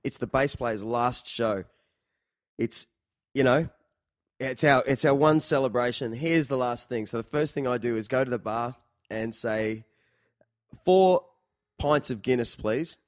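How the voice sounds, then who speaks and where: A man hosting a podcast, telling stories in an animated, casual way. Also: medium pitch, unhurried, no echo, clean studio sound. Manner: animated storyteller. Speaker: podcast host. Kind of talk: casual chat.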